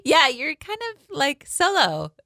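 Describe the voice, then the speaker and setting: A woman in her forties co-hosting morning radio, teasing and laughing often. Her voice is bright with a lively, swinging pitch, recorded dry and close. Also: unhurried, dry recording. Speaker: radio morning show co-host. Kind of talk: casual on-air banter.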